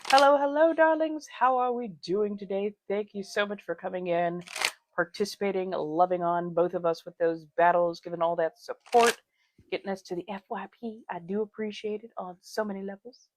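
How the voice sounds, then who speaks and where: A woman's voice: mid-range voice, moderate pace, noisy background. A woman hosting a casual livestream, chatting with viewers, laughing often and calling them darlings. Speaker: livestream host.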